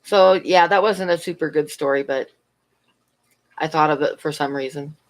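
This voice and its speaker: A woman's voice: low-pitched, normal speed. A middle-aged woman rambling through a story on her livestream and answering chat in between. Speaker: livestream host.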